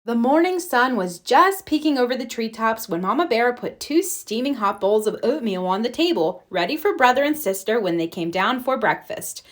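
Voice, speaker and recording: A woman narrating a children's storybook aloud in a gentle, expressive way. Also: on the high side, normal speed, few pauses. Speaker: storybook reader.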